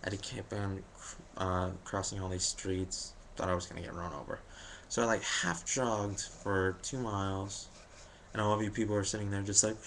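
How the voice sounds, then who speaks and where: A young male vlogger chats to camera about his day at a moderate pace, rambling, cracking jokes, and leaning on fillers and digs at himself. His voice is low and fairly bright, with little pitch movement, and a slight hiss or hum is audible.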